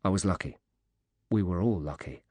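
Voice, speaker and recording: A male narrator voicing a grateful widowed father recovering from injury, speaking softly and haltingly. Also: low-pitched, dry recording. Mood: moved, grateful. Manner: soft, halting, moved.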